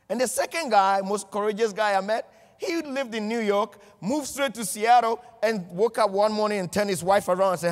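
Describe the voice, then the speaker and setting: A man's voice: high-pitched, lively intonation, normal speed. A middle-aged man giving a humorous motivational keynote, telling stories and acting out the dialogue. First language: not English. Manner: storytelling with acted dialogue, humorous. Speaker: motivational speaker. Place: large event hall. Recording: reverberant large hall.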